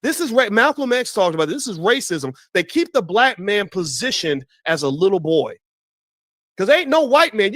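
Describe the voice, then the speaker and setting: A man's voice: very high voice, fairly bright tone, no room sound, studio quality. A man giving impassioned, preachy opinion commentary while talking straight to his viewers.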